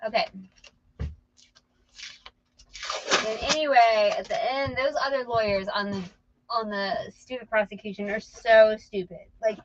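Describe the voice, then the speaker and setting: A woman's voice: a little high, fairly even intonation, measured pace, long pauses, dull audio, a little hiss or hum. A woman co-hosting a reseller channel, chatting and joking casually while working.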